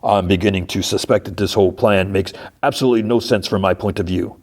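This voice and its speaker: Man doing a sulky, approval-hungry monster in a low, whiny voice. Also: steady tone, quick pace. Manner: whiny, pouting. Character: sulky, needy male monster craving approval.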